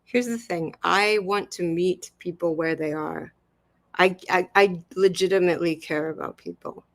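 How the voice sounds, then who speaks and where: A woman's voice: on the low side, moderate pace. A woman in a heated casual chat, earnest and insistent, repeating herself to hold the floor.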